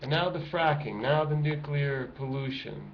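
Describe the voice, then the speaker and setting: The voice is fairly high, creaky and at a normal pace: a middle-aged activist vlogger urgently and emotionally preaching to his audience. He's at home with children around, captured in a dull, noisy lo-fi recording.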